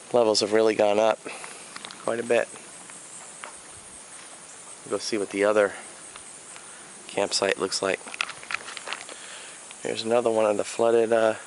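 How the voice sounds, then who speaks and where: A man narrating his hike through a flooded riverside preserve in an unhurried, plainspoken way. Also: on the low side, vocal fry, slight background noise, low-quality recording. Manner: unhurried, plainspoken, grumbles about litter. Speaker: hiking vlogger. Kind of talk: casual outdoor narration. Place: outdoors by a river in a nature preserve. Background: insects and crickets, rural ambience.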